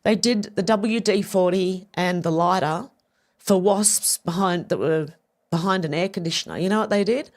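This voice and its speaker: A woman's voice: lowish voice, darkish tone. An Australian woman hosting a casual livestream, rambling and chatty as she talks to viewers and reads their comments. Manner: rambling, chatty, repeats herself, quick laughs. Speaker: livestream host.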